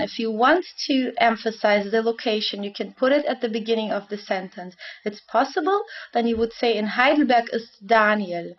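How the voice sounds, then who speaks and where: A woman teaching grammar over slides in a patient, repetitive way, full of fillers and reminders. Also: fairly high pitch. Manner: patient, repeats points, many fillers. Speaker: German teacher. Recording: dull lo-fi sound.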